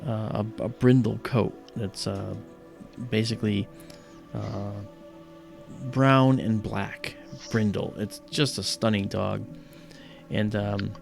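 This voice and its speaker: A man hosting a live stargazing stream, telling rambling, animated stories with many fillers and pauses. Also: fairly low pitch, creaky. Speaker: livestream host. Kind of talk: casual storytelling during a live stargazing stream.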